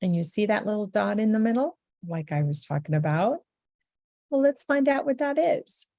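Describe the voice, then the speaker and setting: A woman's voice: medium pitch, animated, moderate pace, mellow, dry recording, clean studio sound. A woman teaching a beginner language lesson, patiently saying each letter sound several times over.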